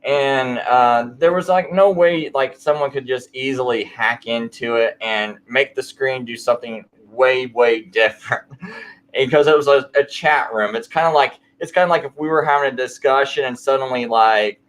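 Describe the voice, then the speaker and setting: During a relaxed late-night conversation, a man tells his own story in rambling fashion, his sentences wandering, restarting and packed with fillers. He speaks at an ordinary middle pitch, at a moderate pace, with a fairly bright tone.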